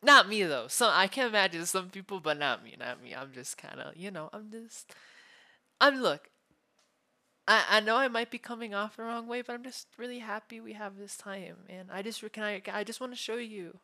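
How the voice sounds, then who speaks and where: A man voicing an obsessive young male yandere femboy in a whispered role-play, soft and unsettling, swinging between sweetness and threat. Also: sits high, normal speed, gravelly, heavily acted. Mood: clingy menacing.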